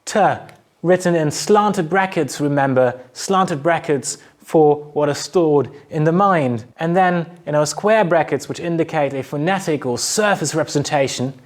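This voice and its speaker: Man lecturing in a measured, explanatory way. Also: fairly high pitch. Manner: measured, explanatory, demonstrates sounds aloud. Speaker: university lecturer. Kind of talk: recorded lecture narration.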